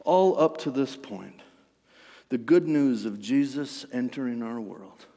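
Male pastor, mid-pitched, dynamic sermon delivery, long hall reverb. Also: animated, unhurried. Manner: dynamic, swings from hushed storytelling to forceful emphasis.

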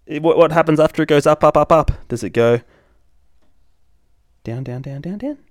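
A man whose voice is a little high reads a comic to his young child at a moderate pace, playful, sing-song, and full of big reactions. It's a studio-quality recording with no room sound.

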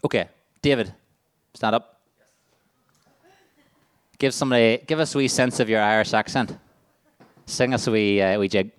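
A man's voice: fairly low pitch, fairly even intonation, moderate pace, pauses often, smooth, dry recording. A man leading a charity workshop, quizzing a youth group and reading out the answer options. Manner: upbeat quizmaster, reading out multiple-choice answers. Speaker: workshop leader. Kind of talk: interactive quiz with a youth group.

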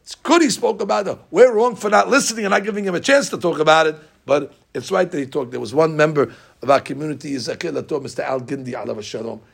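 Gravelly high-voiced rabbi preaching. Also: male voice, fast. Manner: animated storytelling, acting out congregants' complaints; mixes Hebrew terms into English. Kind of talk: sermon.

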